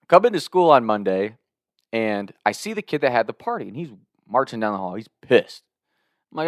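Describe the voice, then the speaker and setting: Young man, casual storyteller, animated, laughing, dry recording. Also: medium pitch, fast, no echo. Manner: animated, laughing, acts out voices loudly. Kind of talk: casual anecdote.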